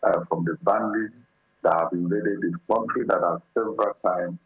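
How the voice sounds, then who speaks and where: A man's voice: deep voice, steady tone, moderate pace, husky, no echo, lo-fi sound, faint music behind. A man with a Nigerian accent, a guest analyst on a TV panel, speaking emphatically with repeated phrases. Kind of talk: TV panel discussion.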